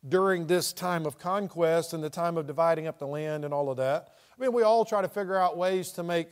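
A man's voice: on the high side, brisk. A man preaching verse by verse, reading scripture aloud and then paraphrasing it in plain everyday speech. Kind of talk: verse-by-verse Bible teaching.

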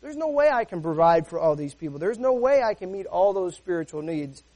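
High-voiced man preaching conversationally. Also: big pitch swings, brisk, darkish tone. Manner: conversational preaching with rhetorical questions. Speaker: pastor. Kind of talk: sermon.

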